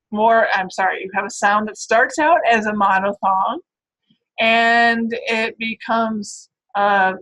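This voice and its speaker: A woman lectures on phonetics in a bright, clear voice. She explains patiently, often pausing to check in with her class before moving on. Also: medium pitch, low-quality recording. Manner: explanatory, with frequent "right?" and "all right".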